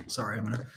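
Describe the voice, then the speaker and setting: Coughing chatty man streaming. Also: a bit bright. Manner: chatty, rambling, apologetic. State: coughing, dry throat. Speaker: airsoft channel host. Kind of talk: casual livestream chat.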